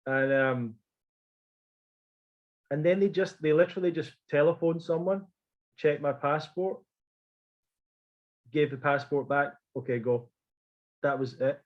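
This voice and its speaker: A man's voice: a little high, a little slow, pauses often, dull audio. A man telling a story in casual chat, acting out quotes and swearing freely. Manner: animated, swearing, acts out quotes. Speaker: podcast guest.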